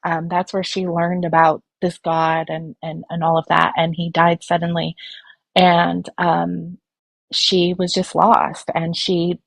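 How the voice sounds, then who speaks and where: A woman's voice: fairly low pitch, monotone, slow pace, creaky, no room sound. Worried rambling woman, live stream guest. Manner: worried, rambling, many fillers. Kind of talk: casual chat.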